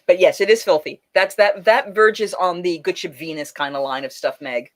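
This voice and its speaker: A woman's voice: lowish voice, fairly quick, few pauses. A woman hosting a casual livestream, chatting with viewers and calling them by name. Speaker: livestream host and festival singer.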